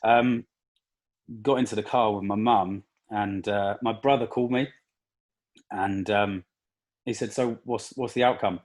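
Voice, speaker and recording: Podcast guest, young man, low voice, halting and emotional telling a hard personal story. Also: steady tone. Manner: halting, with many restarts and fillers, emotional.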